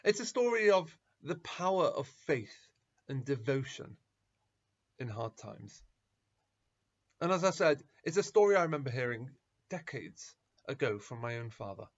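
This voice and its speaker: A middle-aged man, a rabbi, telling a story at an assembly in an earnest, measured way, on a dull lo-fi recording. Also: medium pitch, big pitch swings. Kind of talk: storytelling talk at a school assembly.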